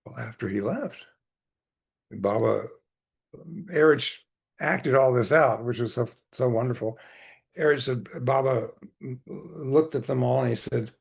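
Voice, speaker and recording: Gravelly, husky male storyteller. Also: mid-range voice, unhurried, long pauses. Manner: rambling, many fillers and restarts. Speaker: speaker at a devotional gathering. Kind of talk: anecdotal storytelling presentation.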